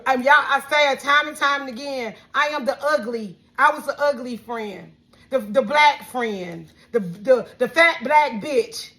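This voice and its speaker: A woman with a Southern accent, high-pitched and bright, rants in an outspoken, heated way with a lot of cursing. Her voice swings between shouting and near tears as she vents to the camera. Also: unhurried. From Alabama. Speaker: vlogger. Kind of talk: emotional venting rant.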